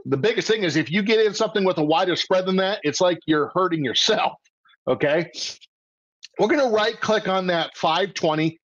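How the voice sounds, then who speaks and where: A man teaching options trading in a live webcast, animated and full of rhetorical questions, tagging "okay?" onto his points. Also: sits high, normal speed, highs cut off. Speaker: trading coach.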